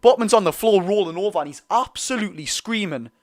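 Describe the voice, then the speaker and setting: A young man with a Geordie accent hosting a live football watch-along, chatty and excitable, bursting into loud reactions. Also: high voice, fast. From North East England. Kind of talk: live fan commentary.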